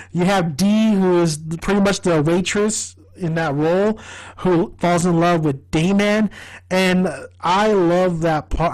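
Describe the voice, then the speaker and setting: Male vlogger with a high voice. Casual, excitable, profane fan-review delivery. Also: rough recording. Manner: rambling and excitable, laughs often, swears freely. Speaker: TV show reviewer.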